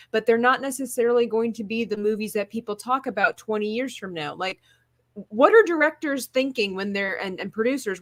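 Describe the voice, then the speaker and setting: Animated, teasing female podcast co-host. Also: fairly high pitch, no room sound, studio quality. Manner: teasing, animated, quick to laugh. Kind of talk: casual chat. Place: studio booth.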